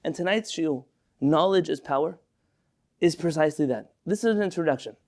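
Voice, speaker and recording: Animated high-voiced rabbi teaching a class. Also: male voice, fairly quick. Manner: animated, sprinkles Hebrew terms. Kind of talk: storytelling Torah class.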